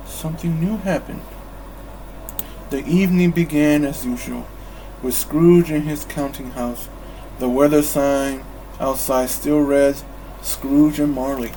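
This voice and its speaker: Bedtime storybook reader: calm man, very slow delivery, faint noise behind. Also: mid-range voice, poor audio. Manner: calm, unhurried, measured.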